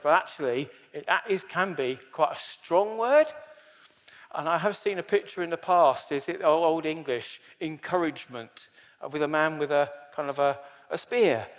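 Playful preacher man in a reverberant hall. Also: fairly high pitch. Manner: playful, chatty, joking with the congregation. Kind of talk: sermon. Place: church hall with a congregation.

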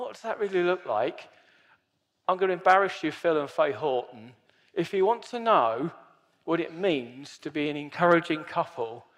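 A man's voice: a little high, big-room sound. A man in his fifties giving an earnest, emphatic sermon as pastor. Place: church hall.

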